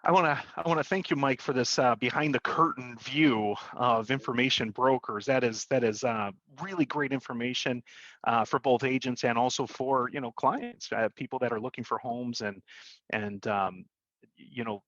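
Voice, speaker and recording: A man's voice: medium pitch, fairly even intonation, a bit bright, no echo. A man co-hosting a casual real estate chat, stumbling and restarting as he gathers his thoughts. His voice comes through a slightly muffled, dry line with no room sound. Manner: halting, many fillers and restarts. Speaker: realtor and co-host.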